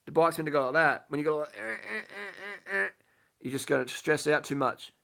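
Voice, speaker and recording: A man's voice: on the high side, fast talker, vocal fry, a bit bright. A man answering viewers' questions on a casual late-night live stream from his bed, speaking bluntly, swearing freely and repeating his points. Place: lying in bed at home.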